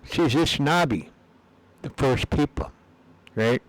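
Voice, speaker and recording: A man's voice: medium pitch, slow, no room sound, poor audio. A man talking in a rambling, casual monologue, meandering and repeating words with many fillers. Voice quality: gravelly. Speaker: video blogger.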